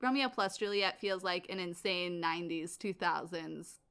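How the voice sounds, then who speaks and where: A woman co-hosting a podcast, chatting casually about a play and acting out the characters in quick, animated asides. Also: fairly low pitch, clean tone. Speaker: podcast co-host. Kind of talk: casual theater discussion.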